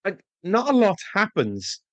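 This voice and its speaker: A man's voice: sits high, wildly swooping pitch, a little slow, fairly bright tone, no echo, dull audio. A man co-hosting a podcast, chatting casually about a film and building his points with asides. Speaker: podcast co-host. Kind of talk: casual film review chat.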